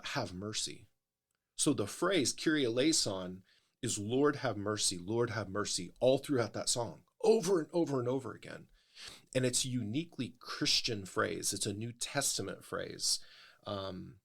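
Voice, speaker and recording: A man's voice: on the low side, gravelly, fairly bright tone. A middle-aged male pastor in a casual podcast conversation, explaining at length in a thoughtful way, often restarting his sentences.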